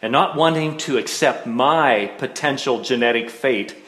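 A man's voice: mid-range voice, measured pace, fairly bright tone. A middle-aged man telling a personal childhood story with wry, self-mocking humor. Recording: roomy echo.

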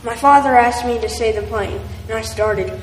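A woman's voice: on the high side, moderate pace. A woman reading a first-person story aloud in a plain, earnest way. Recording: distant voice in an echoey hall with faint noise.

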